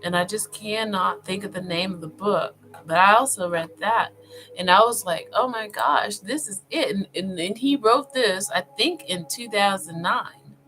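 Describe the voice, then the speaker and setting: A woman vlogger talking casually as she browses online, thinking aloud with many pauses and fillers, and speaking directly to her viewers. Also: medium pitch, pushed and bright, soft background music, rough recording. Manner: addresses viewers informally.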